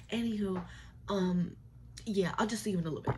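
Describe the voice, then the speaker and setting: This young vlogger speaks a little fast in a medium-pitched voice that sounds pushed and bright. Chatting casually to camera from home and a club dressing room, she addresses viewers directly and now and then whispers.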